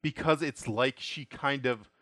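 A man acting as game master, describing the scene in halting, relaxed bursts and laughing often. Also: medium pitch, no room sound, clean studio sound. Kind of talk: narrating a tabletop game over a call.

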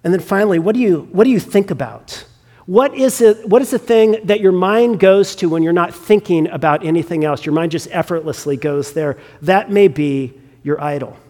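High-voiced preacher in an echoey hall. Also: male voice, moderate pace, darkish tone. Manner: conversational, restarts and repeats words. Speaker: pastor. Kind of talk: sermon.

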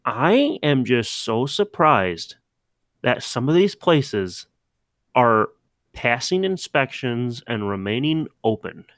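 A young man co-hosting a casual podcast, telling animated, swear-filled stories in a relaxed chat. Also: medium pitch, slow pace, dry recording. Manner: animated storytelling, swears, mimics himself. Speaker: podcast co-host.

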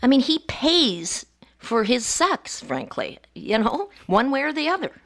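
A woman from a Canadian mining town speaking forcefully and earthily on a radio panel. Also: high-pitched, big pitch swings, a little slow, dry recording, clean studio sound. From Canada, a hockey mining town. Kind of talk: opinionated radio panel talk.

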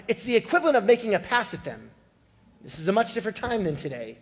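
A man delivers a sermon in a noticeably high voice. He explains scripture plainly and slips into a joke, playing each character. His words ring out in a large, echoing hall. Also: big pitch swings, quick pace. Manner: storytelling preacher, acts out joke voices. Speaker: pastor. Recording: echoey hall with long reverb.

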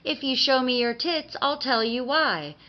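A woman's voice: sits high, expressive, unhurried, voice pushed up. A woman voicing a crude, lecherous male imp who taunts and later wails, on slightly dull audio. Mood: leering. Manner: taunting, then wailing sobs.

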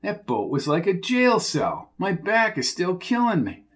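A man voicing a pushy, streetwise male hustler who needles and talks in quick bursts. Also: sits high, sing-song, a bit bright, voice pushed up, heavily acted. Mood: urgent, needling.

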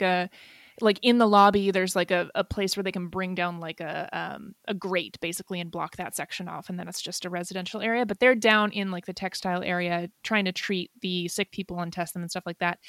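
A woman's voice: medium pitch, a bit bright, no echo, studio quality. A young woman co-hosting a podcast, chatting casually about a movie with lots of fillers and swearing. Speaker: podcast co-host.

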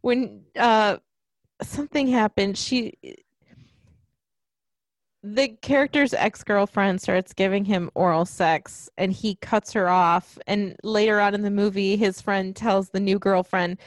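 A woman's voice: mid-range voice, fairly even intonation, measured pace, dry recording. A woman co-hosting a casual podcast chat, telling rambling stories and laughing often. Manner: rambling storyteller, giggly. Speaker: podcast co-host.

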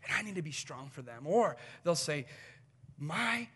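A man preaching a sermon as pastor, moving between loud urgent appeals and hushed, almost whispered passages, and acting out short exchanges with the people he describes. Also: fairly high pitch, very animated, measured pace, slightly rough. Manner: acts out short quoted exchanges.

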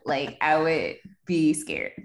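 A woman's voice: deep voice, big pitch swings, takes it slowly. A woman co-hosting a podcast in casual chat, playful with earnest asides. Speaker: podcast co-host.

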